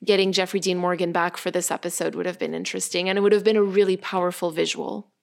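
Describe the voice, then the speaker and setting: A woman co-hosting a podcast, talking thoughtfully and in a measured way. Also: lowish voice, level tone, vocal fry. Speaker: podcast co-host. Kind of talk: casual podcast discussion.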